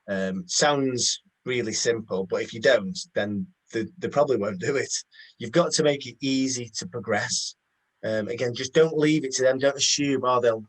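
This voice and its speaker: A man's voice: fairly low pitch, low-quality recording. A man giving conversational business advice, telling anecdotes hesitantly with many ums.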